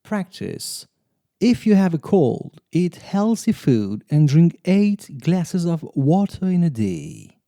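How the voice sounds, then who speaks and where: A man reads short lesson phrases slowly and with care. His voice is very dark and gravelly, and his pitch rises and falls a lot. It sounds close and dry, with no room around it. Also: very animated, no room sound. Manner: slow, deliberate drill reading. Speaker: English teacher. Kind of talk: slow scripted reading of example sentences.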